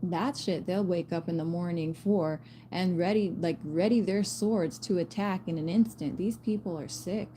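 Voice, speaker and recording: Blunt slangy woman with a mellow voice. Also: on the low side, moderate pace, few pauses, slight background noise. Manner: blunt, swearing, slangy and animated. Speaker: spiritual reader. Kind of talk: casual spiritual message to viewers.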